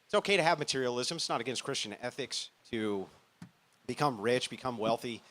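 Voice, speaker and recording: A man on a podcast panel making his point in a measured, earnest way. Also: mid-range voice, lively intonation, fairly bright tone. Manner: measured, earnest, quotes scripture. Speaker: panel guest.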